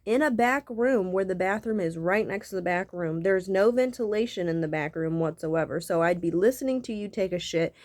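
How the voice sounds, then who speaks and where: A woman's voice: lowish voice, brisk, few pauses, a little mellow, no room sound, clean studio sound. An irritated woman ranting profanely about being woken up, repeating "right?" between points. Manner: profane, repetitive, keeps asking "right?". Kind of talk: angry rant to camera.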